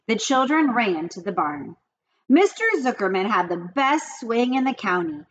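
Woman reading a kids book out loud, bouncy lively voice, bit muffled recording. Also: medium pitch, moderate pace. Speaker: read-aloud storyteller. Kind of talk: reading a children's book aloud.

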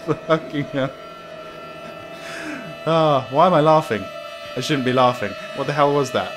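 A man's voice: mid-range voice, normal speed, pauses often, over music. A man commentating a horror game as he plays, jumpy, swearing, laughing nervously. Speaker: gamer playing a horror game. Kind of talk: let's play commentary.

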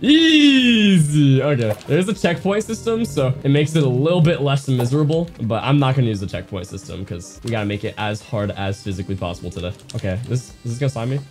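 A young man giving excited gameplay commentary, swinging from muttering to yelling. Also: medium pitch, fast talker, hardly any pauses, soft background music. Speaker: gaming streamer.

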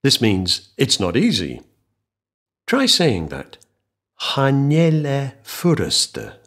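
A male teacher with a low voice presents a scripted podcast language lesson. His intonation rises and falls animatedly. He speaks clearly and slows right down when he models each phrase for the listener. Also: huge pitch swings, bright, forceful tone.

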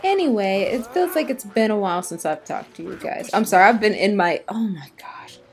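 A tired woman with a hoarse voice, chatting casually and exclaiming to herself as she plays a video game. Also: medium pitch, animated, fairly quick, soft background music. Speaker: gaming YouTuber. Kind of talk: casual gameplay commentary.

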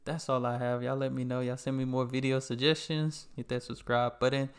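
A man's voice: medium pitch, brisk, clean tone. A man from the United States, host of a reaction channel, chatting casually and repeating himself as he sums up and signs off. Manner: relaxed, rambling, repeats himself. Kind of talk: casual chat.

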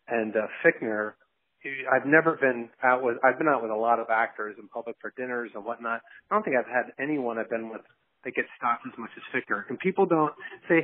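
A man's voice: mid-range voice, expressive, a little fast, no room sound. Male director, guest interview, anecdotal and rambling with frequent laughs, dry phone-line sound. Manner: rambling, laughs often, acts out quotes. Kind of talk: casual interview chat. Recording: dry, tinny phone-like audio.

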